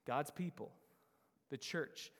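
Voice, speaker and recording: A man preaching a sermon as pastor, emphatic, slowing down to stress key phrases. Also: a little high, animated, big-room sound.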